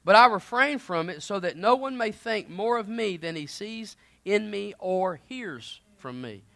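Guy preaching, high voice, chatty sermon style, gets loud then drops low. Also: animated, measured pace, gravelly. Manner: conversational preaching, swings between loud emphasis and quiet asides.

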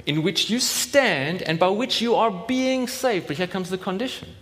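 A man's voice: sits high, animated, moderate pace, fairly bright tone. A man preaching a sermon in a casual, conversational way, acting out imagined voices as he goes. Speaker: pastor. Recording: long hall reverb.

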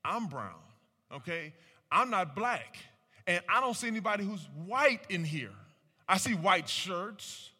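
A man's voice: high voice, a little slow, slightly rough. A man giving a preaching-style talk to a live audience, asking rhetorical questions and calling for responses. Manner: animated, rhetorical questions, acts out quoted voices. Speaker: speaker at a community talk. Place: large room with an audience. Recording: reverberant hall.

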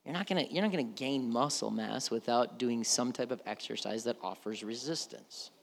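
A man preaching a sermon as pastor, animated and joking, acting out quoted voices. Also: medium pitch, moderate pace, creaky, in a large hall, slight background noise.

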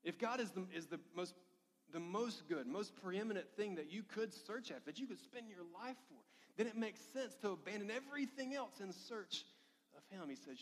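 Male pastor, lively sermon storyteller, slightly high voice, long hall echo. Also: normal speed. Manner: storytelling, animated, self-deprecating humor.

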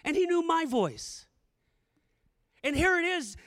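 High-voiced man preaching in a reverberant hall. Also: expressive, a little slow, a bit bright. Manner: dramatic storytelling with repeated phrases. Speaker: pastor. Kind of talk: sermon.

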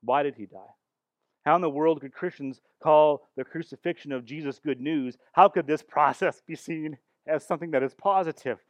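A man with a fairly high voice preaching in a church, telling the story with dramatic force. The sound is dry and close, with little room echo. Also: normal speed, highs cut off. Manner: dramatic, rising to intense passages. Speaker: pastor. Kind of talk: sermon with live demonstration.

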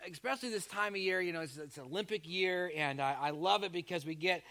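At a church service, a pastor from Canada delivers a chatty, joking sermon that ribs the congregation. He speaks at a quick pace in a high, pushed, bright voice.

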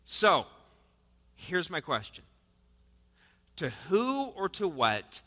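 A man's voice: high-pitched, huge pitch swings, slow pace, pauses often, bright, forceful tone. A man preaching a sermon as pastor, talking conversationally and asking his listeners rhetorical questions. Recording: live sermon with long hall reverb.

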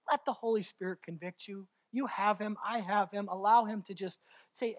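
A male pastor delivers a passionate, confessional sermon, telling his story candidly and from the heart. His high voice moves fairly quickly with mostly even intonation, though he builds to near-shouting at the climaxes.

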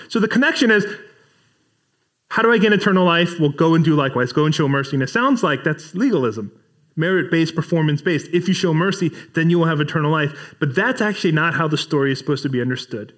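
A man's voice: a little high, expressive, fast talker, fairly bright tone. A male pastor preaching a sermon in a casual, conversational way, acting out bits of dialogue as he retells a Bible story.

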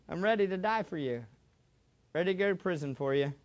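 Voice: medium pitch, animated, unhurried, voice pushed down, close to an everyday voice. A preacher putting on the voice of a brash, overconfident disciple, in a dull lo-fi recording. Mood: breezy.

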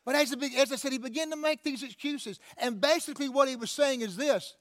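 A pastor preaching a sermon, often calling out to the congregation for an amen, with frequent restarts and repeated words. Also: male voice, very high-pitched, fast talker, few pauses, fairly bright tone. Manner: preaching with call-outs to the congregation.

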